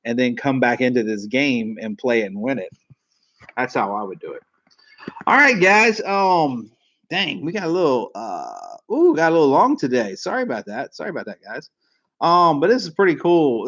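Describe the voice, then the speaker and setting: A man's voice: mid-range voice, muffled recording. A man hosting a live stream about the car business, talking in a blunt, folksy, casual way with some cursing.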